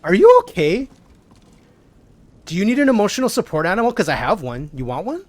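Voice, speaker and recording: A young man, streaming a video game in an animated, jokey way. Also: high voice. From American South. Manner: animated, jokey, quick exclamations. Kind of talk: casual gaming commentary.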